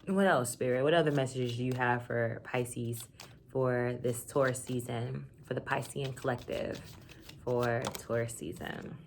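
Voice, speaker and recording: A woman reads tarot for her viewers in a chatty, excitable, slang-heavy way. Her voice sits low for a woman, and she keeps up an easy, casual patter. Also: unhurried, vocal fry, slight background noise. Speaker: tarot reader. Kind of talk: casual tarot reading to camera.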